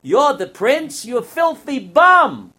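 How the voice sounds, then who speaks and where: A man acting out gruff palace guards who scorn and threaten a ragged beggar at the gate. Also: very high voice, very animated, slow pace, pushed and bright, pitched above the performer's own voice, exaggerated voice. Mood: scornful.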